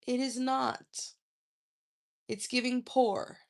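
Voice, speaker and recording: A woman's voice: medium pitch, lively intonation, slow, pauses often, fairly bright tone. A woman hosting a casual live stream, answering viewer comments in a blunt, profane, scolding way.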